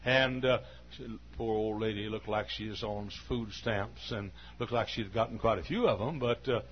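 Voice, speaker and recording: A man's voice: on the low side, moderate pace. A man in his forties, a pastor telling a folksy story in a sermon, chatty and full of "uh" fillers. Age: 40s. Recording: dull lo-fi recording with faint hum.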